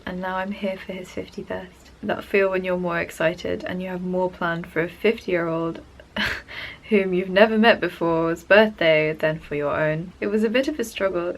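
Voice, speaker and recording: A woman's voice: mid-range voice, creaky, poor audio. A young woman talking in a personal diary vlog, gushing and emotional as she rambles about a musician she adores. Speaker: fan vlogger.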